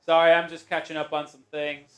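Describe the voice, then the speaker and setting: A man's voice: on the high side, monotone, a little fast, muffled recording, soft background music. A man hosting a sports live stream, reacting chattily to plays, bets and fantasy scores. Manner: chatty play-by-play reactions, betting and fantasy talk. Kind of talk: casual live-stream commentary.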